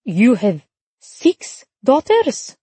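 A chatty shop cashier with a thick Italian accent, as a woman reading an audiobook puts her on, pitched a little above the reader's own voice. The tone stays mellow and dry, bright with friendly curiosity. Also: wildly swooping pitch, extremely slow, slightly rough, no room sound, full character voice. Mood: cheerful. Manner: cheerful, curious questions. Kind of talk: audiobook narration.

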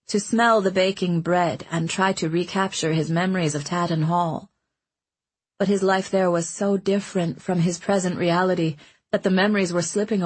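A woman reads a storybook aloud with a slightly husky, breathy voice. Her pitch sits on the low side for a woman, and she tells the story in a gentle, measured way. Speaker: audiobook narrator. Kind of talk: scripted narration.

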